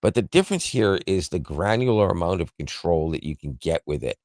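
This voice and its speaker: Deep-voiced man rambling about tech. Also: expressive, fairly quick, darkish tone, no echo. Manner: rambling, self-correcting, chuckles often. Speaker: podcast co-host explaining tech. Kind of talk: casual tech podcast chat.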